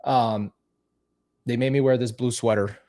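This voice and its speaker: A man's voice: medium pitch, steady tone, measured pace, mellow. A man talking casually and candidly to camera as a vlogger, commenting on old clips of himself with frequent restarts.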